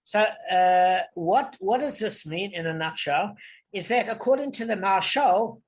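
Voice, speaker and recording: A man's voice: high-pitched, lively intonation, measured pace. A man from Africa, leading an online Talmud study group and explaining patiently, often checking that everyone follows. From South Africa.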